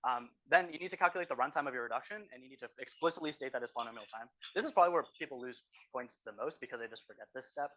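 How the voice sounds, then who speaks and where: Man, teaching assistant, classroom exam review, rapid pace, bright tone, explanatory. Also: medium pitch. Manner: explanatory, tags statements with "right?". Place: university classroom.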